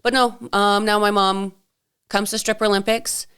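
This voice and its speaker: At moderate pace, this Canadian podcast co-host speaks with a medium-pitched, smooth, slightly bright voice that has little pitch movement. She chats casually and tells stories, frequently acting out other people's words.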